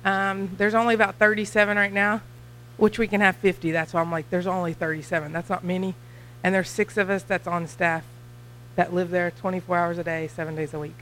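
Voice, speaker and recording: A young woman with a Kentucky accent giving a church mission talk, chatty and nervous, talking fast. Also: lowish voice, steady tone, a bit bright, a little hiss or hum, rough recording. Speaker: missionary guest speaker.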